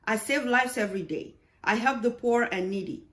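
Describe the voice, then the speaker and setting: A stiff, overworked doctor who speaks curtly and bristles when challenged, as a woman reads his lines in a play. The voice sits lowish and unhurried. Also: expressive. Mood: defensive. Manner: curt, defensive. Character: busy, stiff, irritable male doctor.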